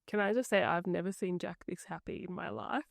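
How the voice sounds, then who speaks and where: Woman, creaky voice, casual interview chat, dry close sound. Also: fairly low pitch, brisk, no room sound. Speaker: guest.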